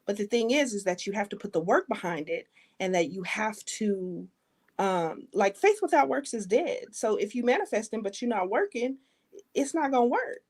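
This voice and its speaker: A woman's voice: mid-range voice, very animated, moderate pace, darkish tone. A woman hosting a talk show, speaking with emphatic, faith-based encouragement and greeting viewers. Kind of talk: conversational interview.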